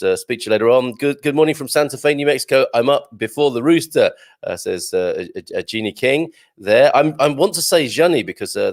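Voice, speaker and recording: Male live-stream host, slightly low voice, chatty and filler-heavy, reads and greets viewer comments. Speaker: host of a live morning show.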